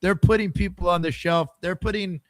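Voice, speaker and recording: A man's voice: high voice, brisk, no echo. A man hosting a casual football fan show, rambling and hesitant, asking viewers for likes. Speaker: football fan channel host.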